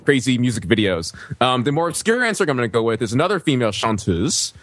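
A man's voice: mid-range voice, big pitch swings, fast talker, no room sound. A man on a podcast panel, talking in a chatty, playful and self-deprecating way. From Korean heritage. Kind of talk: casual podcast chat.

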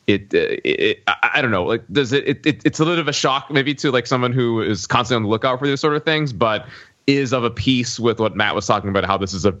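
A man's voice: mid-range voice, fast talker, a bit bright, highs cut off. A man co-hosting a film podcast, talking hesitantly with lots of restarts. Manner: hesitant, many fillers and restarts. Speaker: podcast co-host. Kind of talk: casual film discussion.

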